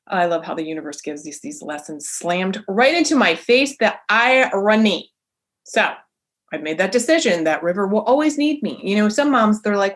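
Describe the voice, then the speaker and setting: Animated woman podcast coach. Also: mid-range voice, normal speed. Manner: animated, emphatic, lively inflection. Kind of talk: solo motivational podcast.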